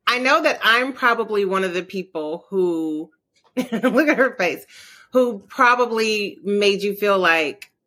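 A woman's voice: medium pitch, expressive, unhurried, pushed and bright. A woman co-hosting a podcast in casual chat, blunt and tough-talking, swearing freely and acting out what she said to others. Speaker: podcast co-host.

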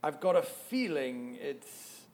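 A man's voice: on the high side, sing-song, slow pace, darkish tone. A man playing a seasoned, weary actor in a comedic audio play, hesitant but reassuring.

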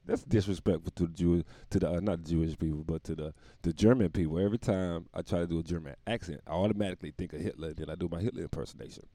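A tired man rambling through a casual comedic monologue, laughing often and breaking into loud put-on voices. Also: low-pitched, fast, few pauses, no echo, clean studio sound. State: dog tired.

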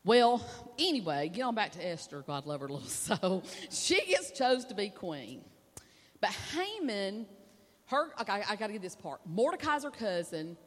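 A woman preacher telling a folksy, animated story in a sermon at a women's conference, laughing and acting out the voices. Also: mid-range voice, moderate pace. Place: stage at a women's conference with a hall's reverb. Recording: long hall reverb.

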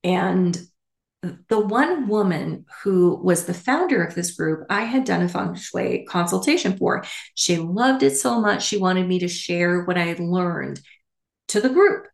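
A woman podcast host telling a personal story in a candid, animated way with casual asides. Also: lowish voice, measured pace, vocal fry, reverberant.

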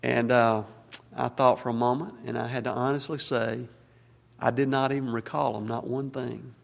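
A man's voice: mid-range voice, little pitch movement, normal speed, creaky, in a large hall. A man preaching as a Baptist pastor in a church, plainspoken and folksy, with fillers and restarts. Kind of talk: sermon and closing prayer. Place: church sanctuary.

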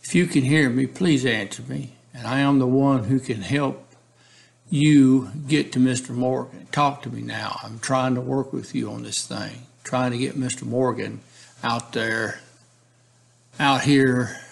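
A persistent male police negotiator, read out by a man, keeps pressing in a gravelly voice with a steady, repetitive rhythm. He coaxes and pleads plainly rather than dramatically, like someone working through a transcript. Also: mid-range voice, unhurried. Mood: coaxing. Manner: steady, repetitive coaxing reading. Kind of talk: reading a case transcript aloud.

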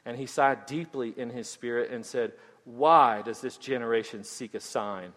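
A man's voice: medium pitch, moderate pace, a bit bright. A man preaching an expository sermon as a pastor, earnest and emphatic, often restarting phrases and adding "right?". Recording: echoey hall with long reverb.

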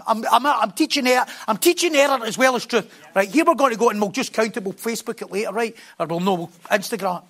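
Passionate high-voiced preacher. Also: male voice, expressive, fast, hardly any pauses. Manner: passionate, swings from quiet asides to loud emphatic bursts. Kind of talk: sermon. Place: church platform.

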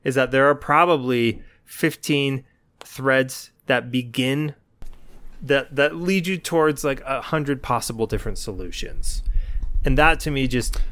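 A man's voice: medium pitch, a little slow. A male podcast co-host in casual chat, recounting a story with growing animation. His voice sits in a middle register. The sound is dry and close, with no room echo. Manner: animated, acts out his own side of the story.

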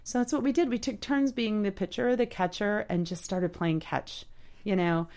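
A woman tells a heartfelt story in casual chat. Her voice sits at a middle pitch. She talks haltingly, restarting often and filling pauses with "you know". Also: a little mellow. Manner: earnest, heartfelt. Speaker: storyteller guest.

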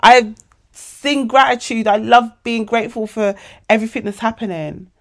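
A woman of forty, hosting a casual motivational podcast monologue, animated and emotional, calling her listeners babes. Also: fairly high pitch, moderate pace. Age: 40s. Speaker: podcast host.

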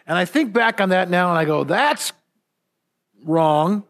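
A man's voice: high voice, fast talker, fairly bright tone. A man from Southern California preaching a sermon as a pastor, earnest and repeating words when stressing a point.

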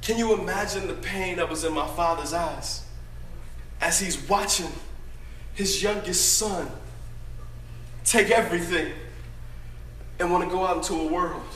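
A man performing a dramatic first-person monologue as a brash, boastful young prodigal son, emphatic and often shouting. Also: sits high, a little slow, long pauses, echoey room, slight background noise.

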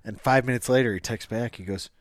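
A man's voice: medium pitch, quick pace, dry recording, clean studio sound. A man telling stories in casual podcast chat, swearing freely. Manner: animated storytelling with crude language.

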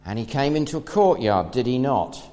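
A man preaches a sermon, retelling a Bible story with lively, animated pitch. His voice swings from loud to hushed as he tells it. The sound carries a long hall reverb. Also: normal speed.

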